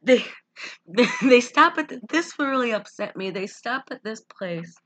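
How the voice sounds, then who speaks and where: A woman recapping a movie plot in casual chat, her voice bright and a bit high. She tells the story animatedly while saying she feels sick. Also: unhurried. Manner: animated storytelling, flat deadpan when quoting characters. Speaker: co-host recapping a film.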